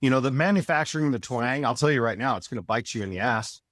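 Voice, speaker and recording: Blunt forties guy on a podcast, mid-pitch voice, dry close sound. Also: animated, fast, fairly bright tone, no echo. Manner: blunt, emphatic, advice-giving. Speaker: podcast guest, sales veteran. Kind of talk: casual interview talk.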